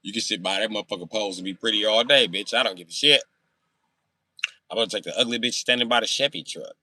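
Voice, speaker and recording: A young man on a casual live stream, reading chat and telling profane, boastful stories, swinging between loud outbursts and low mutters. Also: fast talker, dry recording, clean studio sound.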